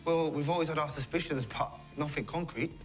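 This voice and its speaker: An actor playing an agitated band member who swears a lot. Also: male voice, on the high side, steady tone, brisk, faint music behind, lightly acted.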